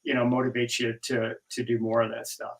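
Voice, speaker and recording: A man's voice: medium pitch, completely flat delivery, a little fast. A middle-aged actor telling stories in a casual interview, acting out the lines of people he quotes. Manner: easygoing storyteller, acts out dialogue. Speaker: actor guest. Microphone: video call. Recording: distant video call mic.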